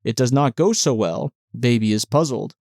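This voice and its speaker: A playful young army surgeon with a mocking, teasing way of speaking, read by a man narrating. The voice is at a middling pitch and recorded close and dry. It is an audiobook reading. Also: expressive, moderate pace, creaky, darkish tone, no echo.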